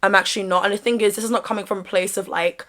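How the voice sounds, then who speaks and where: A woman's voice: medium pitch, fairly even intonation, very fast. A British woman chatting sassily in a get-ready-with-me commentary from her bedroom, laughing often and using slang. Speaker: commentary YouTuber.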